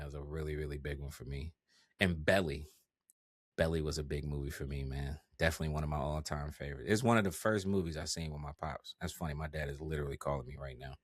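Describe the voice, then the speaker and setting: A young man, a content creator guest on a podcast, telling stories in a lively, slangy way and swearing freely. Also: very deep voice, no echo, clean studio sound. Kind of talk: casual podcast chat.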